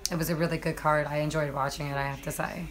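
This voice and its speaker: A woman's voice: deep voice, level tone, fast talker. A young woman, chatting casually and cursing as she talks to viewers on a live stream. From New York.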